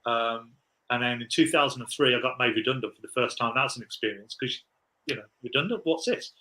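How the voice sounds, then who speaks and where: Guy in his 40s rambling through old stories on a podcast, bright voice, laughs a lot. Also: mid-range voice, brisk, rough recording. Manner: rambling, laughing, animated anecdotes. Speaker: podcast guest. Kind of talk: casual storytelling chat.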